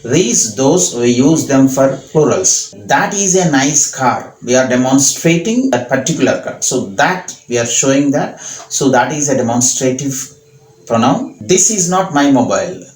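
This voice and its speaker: A man with an Indian English accent teaching a grammar lesson slowly, repeating each example sentence. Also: mid-range voice, animated. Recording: echoey room.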